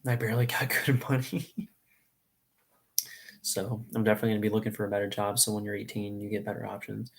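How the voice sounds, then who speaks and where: A man's voice: lowish voice, flat delivery, quick pace, gravelly, long pauses. A late-teens young man livestreaming, talking in an earnest, rambling and openly emotional way to his viewers. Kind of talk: casual live stream chat.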